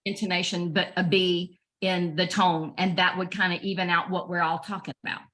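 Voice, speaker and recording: Bright-voiced woman asking on a video call. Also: on the low side, level tone, moderate pace. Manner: thinking aloud, hesitant fillers. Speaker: trainee adjudicator. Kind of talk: asking a question in a training session.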